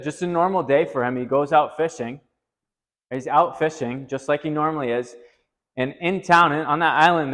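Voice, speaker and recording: A man leading a group talk at a retreat, telling a story in an animated way and lifting his voice when he quotes someone. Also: in a large hall. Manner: animated, rising pitch when quoting. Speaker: retreat discussion leader. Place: retreat meeting room.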